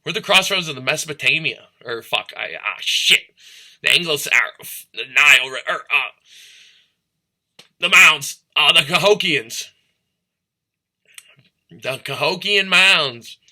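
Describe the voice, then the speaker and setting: A man's voice: on the high side, animated, unhurried, long pauses, sharp tone. A man from St. Louis talking in a rambling, profane, stream-of-consciousness monologue that drifts between topics and into freestyle rhymes. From St. Louis, Missouri.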